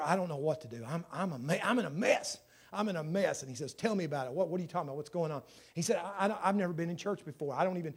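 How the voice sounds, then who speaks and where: A man preaching as pastor, telling a story and building to fervent, louder passages. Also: a little high. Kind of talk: sermon.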